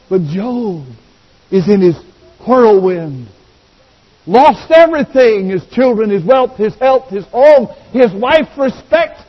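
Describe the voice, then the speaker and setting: A male pastor preaching a sermon with passion, rising to loud cries and dropping to hushed tones. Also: high-pitched, lively intonation, slow. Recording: dull recording with long hall reverb.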